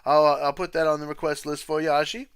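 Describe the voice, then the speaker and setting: Upbeat male streamer, smooth clear tone, reads chat aloud casually. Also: fairly high pitch, level tone, fast talker, no echo. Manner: upbeat and chatty, thanks viewers often. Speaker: livestream host and music teacher. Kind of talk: casual livestream chat, reading viewer comments.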